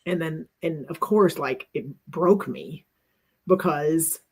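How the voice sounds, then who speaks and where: A middle-aged woman co-hosting a talk shares a personal story earnestly and reflectively, frequently restarting her sentences. Her voice is low, slow, and has a breathy edge.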